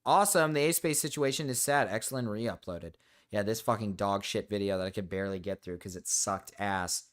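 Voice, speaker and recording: A man's voice: on the low side, brisk, a bit bright. A man streaming live, chatting casually in a rambling, blunt way, full of fillers and swearing. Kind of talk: casual livestream chat.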